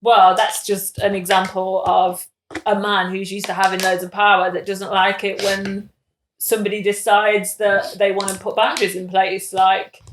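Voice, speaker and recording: A woman's voice: medium pitch, a bit bright, reverberant, slight background noise. A woman in casual podcast chat, giving her opinions and reasoning them through.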